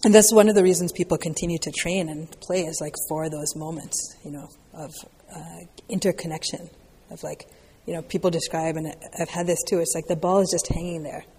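Reflective woman meditation teacher, casual and unhurried in her phrasing, warm dark tone, recorded with long hall echo. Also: sits low, steady tone, a little hiss or hum. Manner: reflective, loose, peppered with "you know" and "like". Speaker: dharma teacher answering questions. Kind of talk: casual dharma talk Q&A.

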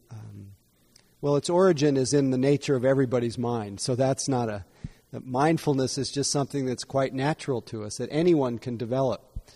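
A man teaching meditation in an evening dharma talk, unhurried and reflective, often repeating and rephrasing himself. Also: mid-range voice, darkish tone. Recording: long hall reverb.

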